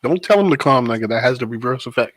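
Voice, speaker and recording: A man, co-hosting a casual podcast chat, animated and quick to laugh and swear. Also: medium pitch, dry recording. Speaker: podcast co-host, transit worker.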